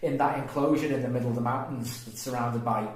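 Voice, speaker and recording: A man's voice: medium pitch, steady tone, fast. A man co-hosting a casual movie review chat, rambling and restarting his words. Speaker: podcast co-host. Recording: very echoey room, faint noise.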